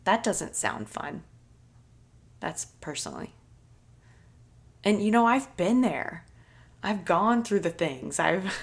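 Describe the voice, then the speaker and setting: Low, gravelly-voiced woman talking slowly. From United States. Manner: earnest, soft-spoken storytelling with light laughs. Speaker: podcast host. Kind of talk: reflective personal monologue.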